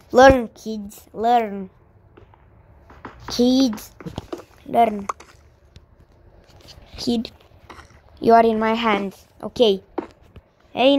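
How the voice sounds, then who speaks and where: A woman talks her way through a game at a slow, easy pace, greeting animals and characters in a playful tone. Her voice sits a little high. Steady background noise runs under the recording. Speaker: gamer. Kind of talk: casual gameplay commentary.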